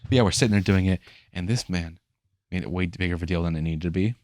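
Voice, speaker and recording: A man's voice: low voice, fast, darkish tone, no echo, clean studio sound. A young man co-hosting a podcast, animatedly retelling a story in casual chat, acting out others' lines and swearing freely. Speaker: podcast co-host.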